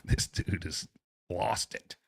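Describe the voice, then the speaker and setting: A man's voice: takes it slowly, no room sound, studio quality. A man streaming, reading messages aloud and reacting with sarcastic disbelief. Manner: incredulous, sarcastic.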